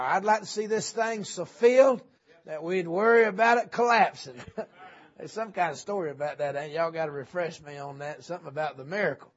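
Revival preacher, husky high tenor, folksy with shouting peaks, lo-fi church tape. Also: male voice. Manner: folksy, joking, swings from low asides to shouting. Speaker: visiting preacher. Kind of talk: revival sermon. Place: church sanctuary.

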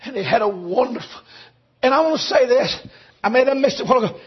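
A man preaching a sermon, shifting from quiet storytelling to shouted preaching. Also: high-pitched, fast, slightly rough. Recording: dull lo-fi recording.

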